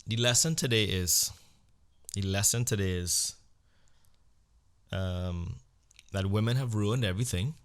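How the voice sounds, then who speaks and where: Man, podcast host, crude comic storyteller, bright voice, animated. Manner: animated storyteller, acts out exchanges with sudden jumps in pitch and volume; blunt and crude.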